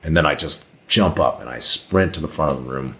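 Very deep-voiced man telling a story. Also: fairly quick, fairly bright tone. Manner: rambling, frequent "like" fillers. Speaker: podcast guest. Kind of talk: casual storytelling.

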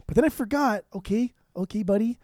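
A man's voice: high voice, fairly quick, dark tone, no echo, studio quality. A man co-hosting a casual podcast, talking enthusiastically, swearing often and breaking into sung snippets. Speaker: podcast co-host. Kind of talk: casual chat.

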